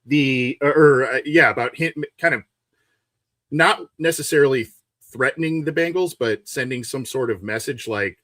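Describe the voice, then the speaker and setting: A man's voice: medium pitch, normal speed, a bit bright, no echo, clean studio sound. A man, a guest on a sports podcast, talking casually over a remote call with many fillers and restarts.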